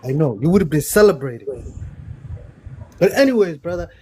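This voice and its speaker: A man from Somalia answering firmly and deliberately in a live panel debate, often addressing the other man as brother. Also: on the high side, expressive, warm tone, a little hiss or hum. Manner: measured, firm, calls listener brother. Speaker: panel participant.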